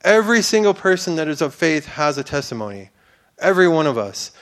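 Man with a slightly higher voice, telling his faith testimony; earnest, rambling, turns fervent like a preacher. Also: big pitch swings, fairly quick, fairly bright tone. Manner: earnest and rambling, with many restarts and fillers; builds to fervent, preacher-like declarations. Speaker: church testimony speaker.

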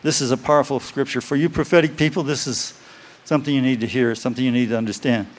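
A man preaching a sermon to his congregation, reading scripture slowly and stressing key phrases by repeating them. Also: mid-range voice, steady tone. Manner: reads scripture aloud slowly. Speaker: pastor.

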